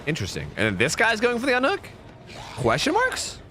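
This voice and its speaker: Chatty young man with very lively pitch. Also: racing, background noise. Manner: chatty, jokey, with sudden high exclamations. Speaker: streamer playing a horror game. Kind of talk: casual gameplay commentary.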